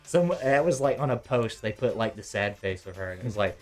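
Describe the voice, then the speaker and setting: A man's voice: on the low side, brisk, faint music behind. A young man hosting a gaming video, chatting casually and laughing through rambling anecdotes. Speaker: gaming channel host. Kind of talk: casual chat over gameplay.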